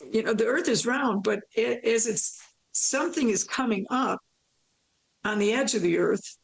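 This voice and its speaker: A woman recounting a near-death experience in an interview, animated and storytelling, acting out her own thoughts and laughing often. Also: fairly high pitch, normal speed, vocal fry, breathy edge, rough recording.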